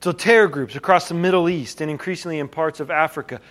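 A fast-talking man with a slightly high voice preaches as a pastor, narrating a story with dramatic quiet moments and rising questions while repeatedly restarting and repeating phrases.

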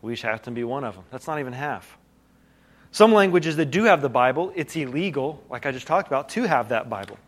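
Lively in intonation and a little fast, this medium-pitched male pastor preaches a story-driven sermon. He drops dramatically quiet, poses rising questions, and often restarts or repeats phrases.

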